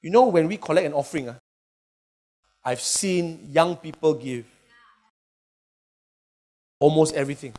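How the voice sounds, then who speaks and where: A man delivers a sermon. He swings between quiet, confiding lines and loud, emphatic shouts, often adding playful asides to the congregation. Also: on the high side, unhurried, long pauses. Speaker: pastor.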